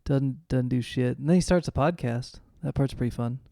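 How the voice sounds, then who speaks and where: A man's voice: medium pitch, moderate pace, gravelly, mellow, dry recording, studio quality. A man co-hosting a casual film podcast, talking through his points step by step. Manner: thoughtful, builds points step by step. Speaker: podcast co-host.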